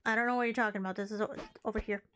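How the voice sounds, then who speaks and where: A woman's voice: mid-range voice, steady tone, very fast, a bit bright. A woman live streamer chatting casually and rambling as she plays a game, often breaking off mid-sentence. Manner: rambling, chatty, self-interrupting. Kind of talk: casual chat while playing a game.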